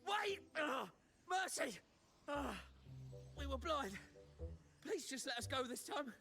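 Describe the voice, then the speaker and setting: A man's voice: very high-pitched, lively intonation, takes it slowly, bright, forceful tone, soft background music, exaggerated voice. An actor playing a cocky young male street thug who bullies strangers for coin in a video game. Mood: begging. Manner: brash, bullying, then begging.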